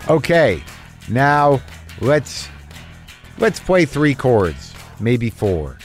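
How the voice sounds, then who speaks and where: A man hosts a podcast interview in an easygoing, conversational way. His pitch moves around a lot as he talks, and he swears casually and freely. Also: extremely slow, pauses often, faint music behind. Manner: animated, chatty, swears freely. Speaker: podcast host.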